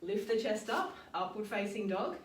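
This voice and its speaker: A woman leading a yoga and strength workout, calmly cueing each move and breath. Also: mid-range voice, normal speed, distant mic. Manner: calm step-by-step cueing with breath counts. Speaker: fitness and yoga instructor. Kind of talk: guided workout instruction. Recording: roomy sound, voice off-mic.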